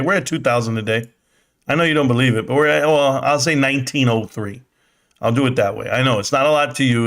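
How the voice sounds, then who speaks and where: A man's voice: medium pitch, a bit bright. A young man hosting a live stock stream, ranting in exasperation and swearing while reading the chat. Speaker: livestream host.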